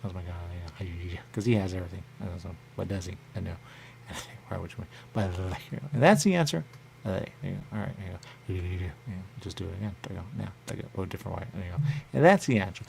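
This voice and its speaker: Deep gravelly man, rambling talk. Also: flat delivery, quick pace, dark tone, slight background noise. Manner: rambling, repeats "there you go" constantly; acts out others in a high voice. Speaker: radio show host.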